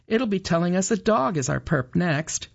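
A woman's voice: on the low side, expressive, normal speed, creaky, slightly rough, dull audio, heavily acted. A woman reading the part of a brusque, sarcastic male security guard in an audiobook. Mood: impatient.

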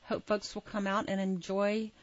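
A woman's voice: medium pitch, level tone, normal speed, dull audio. A woman guest on a radio interview, upbeat and encouraging as she gives practical advice. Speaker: guest from an arts access group.

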